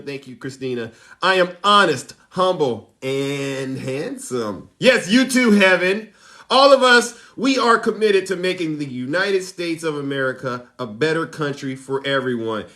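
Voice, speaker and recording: A man with a high-pitched, pushed, bright voice hosts a livestream of sarcastic political commentary. He chats with viewers and performs theatrical mock outrage.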